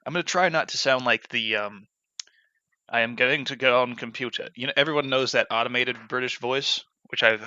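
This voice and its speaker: A let's-play gamer chats casually over his gameplay, rambling with lots of fillers and false starts. His voice is medium-pitched, pushed, bright and smooth, captured dry on a dull lo-fi mic.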